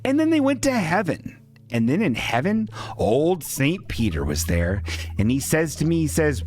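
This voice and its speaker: A man co-hosting a comedy podcast, ranting profanely and spinning absurd deadpan stories. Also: mid-range voice, moderate pace, a little hiss or hum. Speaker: podcast co-host.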